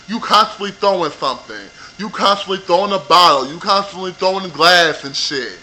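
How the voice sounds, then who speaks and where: Sassy high-voiced guy w/ aave cussing thru a computer-mic rant, bright sharp tone. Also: normal speed, poor audio. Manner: profane, sassy, animated ranting. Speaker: vlogger reviewing a reality show. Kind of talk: casual ranting review.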